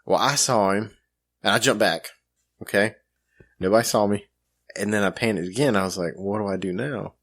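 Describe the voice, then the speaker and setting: A man's voice: on the low side, moderate pace, pauses often, fairly bright tone. A man co-hosting a podcast, telling a self-mocking story in casual chat with lots of fillers. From grew up in the country. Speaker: podcast co-host.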